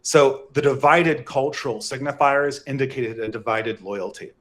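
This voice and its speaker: A man's voice: mid-range voice, steady tone, normal speed. A man in an online debate, laying out long explanations in a lecturing way.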